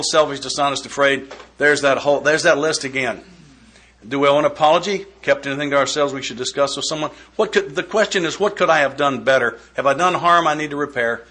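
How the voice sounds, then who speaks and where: A man's voice: mid-range voice, pushed and bright. A man giving a recovery step study talk, folksy and joking in a conversational way. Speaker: workshop speaker.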